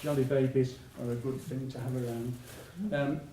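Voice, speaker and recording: A man's voice: mid-range voice, flat delivery, normal speed, dark tone, a little hiss or hum. Older man, rambling anecdotes, echoey room, heard from a distance. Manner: rambling, many restarts, laughs often. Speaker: patient speaker at a public talk. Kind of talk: anecdotal public talk. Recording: echoey hall, mic at a distance.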